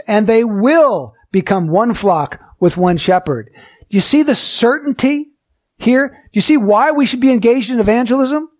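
A male pastor preaching a sermon in a fairly high voice. He speaks earnestly and emphatically, and he keeps asking the congregation rhetorical questions. He slows down to stress the words that matter.

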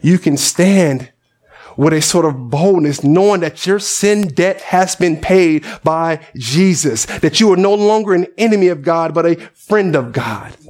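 A man's voice: fairly high pitch, lively intonation, measured pace, a little mellow. A male pastor preaching a sermon with passion, often speaking the psalmist's prayers aloud as if they were his own.

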